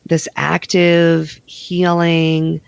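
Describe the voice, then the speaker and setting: A woman guest on a podcast, explaining calmly and acting out inner voices with a laugh. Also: low-pitched, drawn-out words, creaky, clean tone, dry recording, highs cut off. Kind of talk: conversational explanation.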